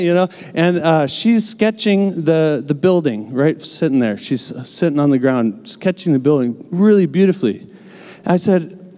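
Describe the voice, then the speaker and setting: A man's voice: fairly high pitch, normal speed, mellow. Casual man preaching in a reverberant hall. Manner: casual, filler-heavy storytelling with many "like"s. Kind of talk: sermon storytelling.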